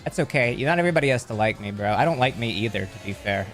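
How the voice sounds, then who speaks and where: Male streamer host, casual chat, medium pitch, jokey rambling reads of chat, faint music behind. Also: lively intonation, very fast, a bit bright. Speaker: livestreamer.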